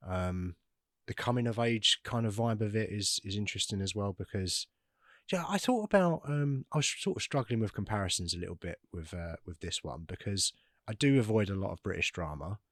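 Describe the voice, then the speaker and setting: A man's voice: fairly low pitch, lively intonation, brisk, dry recording. A man co-hosting a film podcast, talking casually with frequent restarts and dry humour. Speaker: podcast co-host. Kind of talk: casual film-discussion chat.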